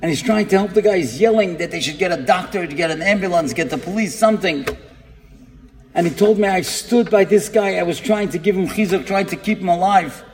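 High voiced guy preaching a story, dramatic, acts out the quotes, big echoey hall. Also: fairly quick. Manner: dramatic storyteller, acting out quotes and building to emphatic peaks. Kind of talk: storytelling sermon. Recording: long hall reverb.

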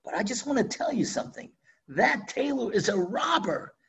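A man's voice: very high-pitched, very animated, normal speed, vocal fry, a bit bright, breathy edge, distant mic, voice pushed up, heavily acted. A man doing a shrewd, insistent queen. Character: shrewd queen warning her husband.

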